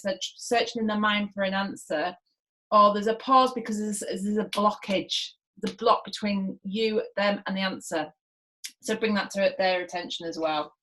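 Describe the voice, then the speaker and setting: A woman coach teaching in a lively, informal way. She often switches into short acted-out client phrases as she explains. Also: medium pitch, low-quality recording. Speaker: mindset coach.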